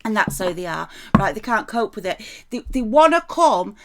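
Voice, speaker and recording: A woman talking through a tarot reading in a loose, conversational way, with a gravelly fry in her voice. She keeps checking in with her listener and drops swear words without a pause. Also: mid-range voice, big pitch swings, background noise. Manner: chatty, keeps asking "right?", swears freely. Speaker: tarot reader. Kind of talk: casual spoken tarot reading.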